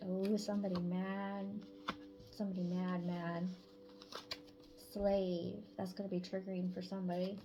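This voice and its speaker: A woman's voice: fairly low pitch, flat delivery, normal speed, music in the background. Chatty woman giving a tarot reading. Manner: chatty, swears freely, drops to whispers. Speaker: tarot reader. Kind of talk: casual channeled message reading.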